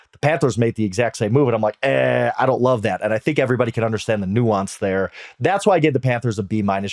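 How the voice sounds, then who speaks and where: A man who writes about sports, chatting on a podcast in a measured, conversational way with frequent restarts. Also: mid-range voice, a little mellow, no echo, clean studio sound. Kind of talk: casual sports podcast chat.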